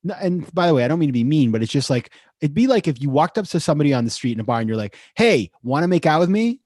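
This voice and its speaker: A man speaking as an investor guest in a casual webinar interview, acting out quoted messages with lively shifts in his voice. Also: racing, no room sound, clean studio sound. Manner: animated, acts out quotes with rising pitch.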